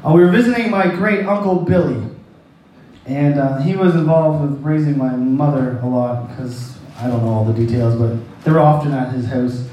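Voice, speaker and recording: A man's voice: mid-range voice, normal speed, highs cut off, slight background noise. A man preaching a sermon who tells a personal story in a rambling, folksy way and laughs at his own jokes. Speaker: pastor. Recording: echoey hall, distant mic.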